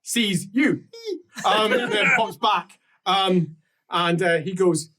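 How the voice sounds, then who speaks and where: A game master narrating a tabletop roleplaying game in an animated, laughing storytelling manner. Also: medium pitch, slow pace, distant mic.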